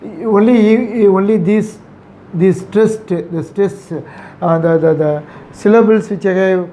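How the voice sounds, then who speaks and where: A man with an Indian English accent explains a poem in a slow, unhurried way. His voice is mellow and warm, full of "uh" pauses and repeated words. Faint traffic noise sits in the background. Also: sits high. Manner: halting, many "uh" fillers, repeats words for emphasis. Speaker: English teacher. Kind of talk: classroom poetry lesson.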